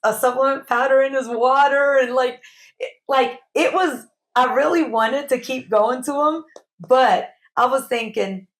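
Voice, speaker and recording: A woman's voice: sits high, measured pace. Chatty woman podcast co-host. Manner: animated storyteller, laughs often. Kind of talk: casual chat.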